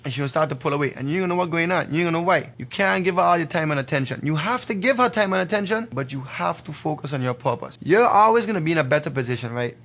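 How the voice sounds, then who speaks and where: A quick, emphatic man lectures straight to camera about dating. His voice sits a little high for a man, and he hammers his points home with repetition. He talks in a fast stream of blunt advice. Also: expressive, a bit bright. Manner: emphatic, repetitive, retells a joke with acted voices. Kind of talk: direct-to-camera advice monologue.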